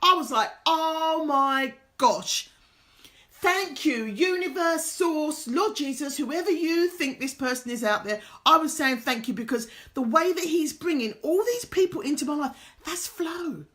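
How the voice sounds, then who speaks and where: A woman hosting a live-streamed show, telling stories full of quoted dialogue in an excitable, animated way. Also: sits high, moderate pace. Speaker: show host. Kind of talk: casual storytelling to a live-stream audience.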